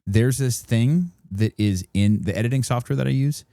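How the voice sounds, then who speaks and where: A man's voice: mid-range voice, normal speed, gravelly, mellow, no echo. A man co-hosting a casual podcast, explaining things at length with lots of fillers into a studio microphone. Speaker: podcast co-host.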